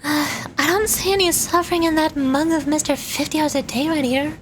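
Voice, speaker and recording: Chatty high-voiced young woman streamer. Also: fairly even intonation, fairly quick, a little hiss or hum. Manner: chatty, rambling, laughs often. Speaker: VTuber streamer. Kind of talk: casual stream chat and game voice acting.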